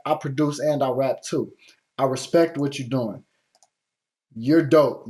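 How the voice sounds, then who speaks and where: A man's voice: medium pitch, a little mellow. A man hosting a show where he gives beat feedback, talking bluntly and casually with lots of slang and swearing while still encouraging the producer. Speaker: music producer host giving feedback on beats.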